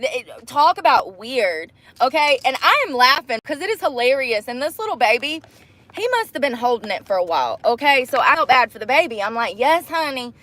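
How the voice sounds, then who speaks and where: A young woman vlogging in a casual, candid chat to her viewers, animated and quick to laugh, calling them y'all, girl and baby. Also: high-pitched, no echo.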